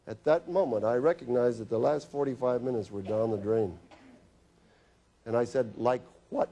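A man's voice: mid-range voice, moderate pace, warm tone. Man telling doctor's office stories. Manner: anecdotal, acts out patients' and his own lines with humor. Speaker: physician giving a health talk. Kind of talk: storytelling health lecture.

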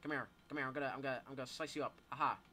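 A teenage boy giving live gameplay commentary, excitable, yelping and swearing as things happen. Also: mid-range voice, very fast. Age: teens. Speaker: gamer.

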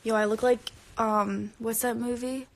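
Tired, rambling woman with vocal fry. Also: fairly high pitch, little pitch movement, unhurried. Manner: rambling and giggly, drops into whispers at times. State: tired from no sleep. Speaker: singer livestreaming to fans. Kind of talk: casual late-night livestream chat, reading comments. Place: at home at bedtime, indoors. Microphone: phone camera held close.

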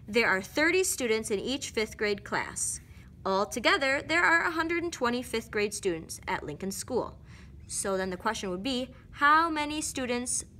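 A woman's voice: medium pitch, bright, forceful tone, slight background noise. A woman casually walking through math word problems, thinking aloud and correcting herself as she goes. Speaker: math explainer. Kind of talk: casual lesson walkthrough.

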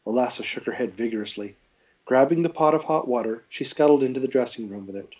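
A man reads a novel aloud in a steady storytelling voice at a middling pitch, now and then correcting himself. The recording is dull and lo-fi. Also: quick pace, recorded from a distance. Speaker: reader. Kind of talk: reading a novel aloud live.

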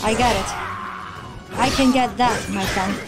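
A woman streamer reacting to a video game as she plays, excitable, gasping and yelling at the action. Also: mid-range voice, a little slow, vocal fry. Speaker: gaming streamer. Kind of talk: let's play reaction. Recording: loud game music behind.

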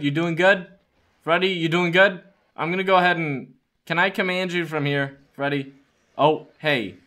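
A man giving let's-play commentary on a game, excitable, yelling and laughing at the action. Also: fairly high pitch. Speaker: gaming YouTuber.

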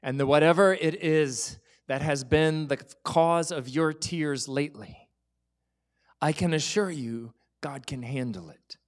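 A man's voice: on the high side, measured pace. A man preaching to his congregation. He talks in an easy, conversational way with a touch of humor. At his most earnest moments he sinks to a near-whisper. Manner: drops to a soft whisper for emphasis; lively, conversational, sometimes joking. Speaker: pastor. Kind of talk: sermon.

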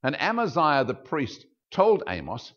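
A man's voice: measured pace, slightly rough. Aussie pastor guy preaching, voice swings up and down a lot, kinda dull lo-fi recording. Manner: animated, acts out quoted speech with big pitch jumps. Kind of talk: sermon. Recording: dull lo-fi sound.

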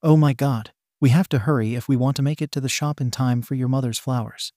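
Earnest, flustered teen boy in an audiobook story, read by a man, mellow and dry, a touch higher. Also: fairly even intonation, a little fast, no room sound, natural voice. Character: eager flustered teenage boy student.

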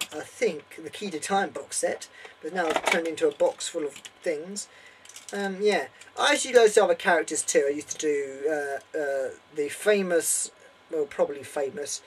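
A man's voice: on the high side, breathy edge, low-quality recording. A young man chatting casually to camera as a vlogger, in a rambling, hesitant way. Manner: rambling, hesitant, lots of fillers.

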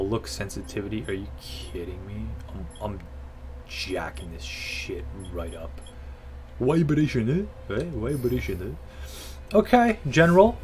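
A man's voice: mid-range voice, slight background noise. A man doing foul-mouthed, joking gameplay commentary. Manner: profane, joking, talks to himself and the game. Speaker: gaming video host. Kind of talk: casual let's-play commentary.

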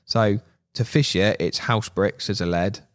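Lively man telling a fishing story. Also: on the low side, unhurried. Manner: animated, laughing, acts out quotes. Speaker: podcast guest. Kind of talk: casual storytelling.

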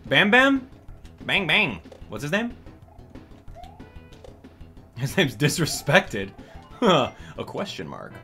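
A young man, a gaming channel host, talks through a game in a lively commentary voice whose pitch leaps up and down as he gets excited. He jokes around and chats back to his viewers, with faint music playing underneath. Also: slow, pauses often. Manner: excitable, jokey, reads and answers chat. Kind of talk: live gameplay commentary.

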